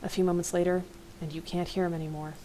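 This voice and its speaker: A woman's voice: lowish voice, level tone, fast talker, dark tone, slight background noise, poor audio. A woman hosting a let's play, reading an interactive horror novel aloud and adding casual, chatty comments.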